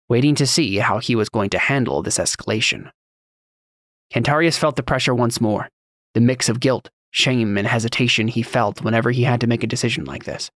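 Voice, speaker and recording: A man narrating a fantasy audiobook in a steady, even storytelling read. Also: mid-range voice, no echo, clean studio sound.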